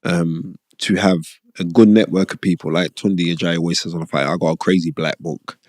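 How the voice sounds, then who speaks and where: A man's voice: low voice, fairly even intonation, a little fast, darkish tone, no echo, studio quality. A middle-aged man, a former boxer, telling stories in a casual interview and checking in with frequent "you know what I mean?" asides. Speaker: former boxer, podcast guest.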